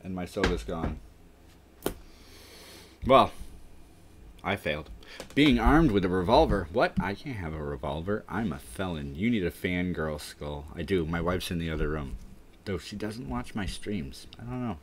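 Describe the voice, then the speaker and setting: A man's voice: deep voice, expressive, measured pace, long pauses, slight background noise. A man hosting a casual livestream, tired and dry-mouthed from the heat, rambling as he reads chat aloud and trails off unsure. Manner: rambling and self-deprecating, trailing off with "I don't know". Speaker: livestream host.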